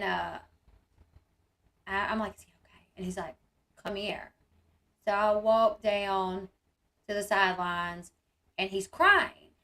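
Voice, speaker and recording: A woman's voice: mid-range voice, fairly bright tone. Chatty woman telling a story. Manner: chatty, rambling, many fillers and quoted speech. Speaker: vlogger telling a family story. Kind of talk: casual storytelling to viewers.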